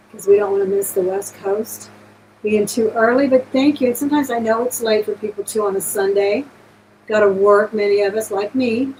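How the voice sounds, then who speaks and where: A woman's voice: medium pitch, a little mellow, a little hiss or hum, low-quality recording. A woman hosting a live-stream jewelry auction, chatting casually and gushing thanks to her viewers.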